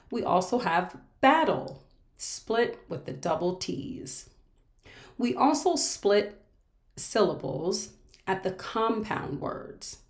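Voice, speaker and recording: A woman teaching a reading lesson to children, speaking slowly and patiently and repeating each word with care. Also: medium pitch, darkish tone, reverberant. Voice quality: patient, repeats words carefully. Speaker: special education teacher. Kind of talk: slow, clear classroom instruction for children.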